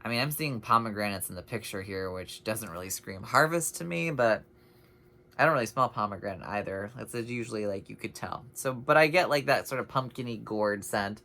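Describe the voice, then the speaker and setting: A man's voice: on the low side, fairly quick, bright, forceful tone. A man giving a casual, rambling review of home fragrances, chatty and full of little tangents. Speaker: scent reviewer.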